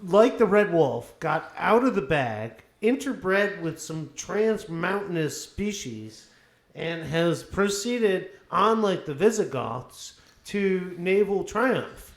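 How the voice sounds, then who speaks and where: A man's voice: sits high, expressive, slow, vocal fry. A man co-hosting a casual podcast chat, rambling and joking with mock-grand phrasing. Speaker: podcast co-host. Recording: roomy echo.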